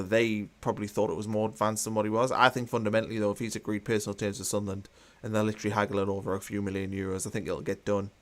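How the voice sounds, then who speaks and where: A man's voice: fairly low pitch, fairly bright tone. A man hosting a football watchalong, chatting casually with many fillers and restarts while he reads out live comments.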